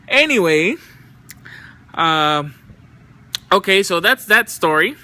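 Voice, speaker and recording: Bright, profane young man telling stories. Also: fairly high pitch, animated, unhurried, pauses often, clear, resonant tone. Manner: loose, profane, exasperated anecdotes. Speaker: vlogger. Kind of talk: casual storytelling.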